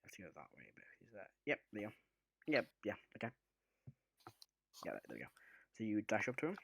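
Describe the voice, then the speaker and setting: A man narrating as dungeon master of a tabletop game, halting and relaxed, with many fillers. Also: on the low side, creaky, breathy edge, no room sound, studio quality.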